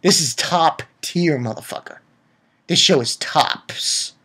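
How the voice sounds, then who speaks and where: A man giving an excitable, profane casual recap of an anime episode, with lots of restarts. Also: a little high, slow, breathy edge. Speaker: anime reviewer.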